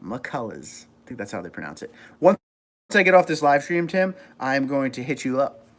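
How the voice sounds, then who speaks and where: A middle-aged man from New York with a New York accent, chatting casually on a livestream and reading viewer comments aloud. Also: medium pitch. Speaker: livestream host.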